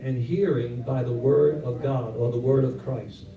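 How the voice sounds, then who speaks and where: A man preaching a sermon in a church, animated and acting out Bible scenes in different voices. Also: medium pitch, measured pace, dull audio. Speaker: pastor. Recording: roomy echo, from a distance.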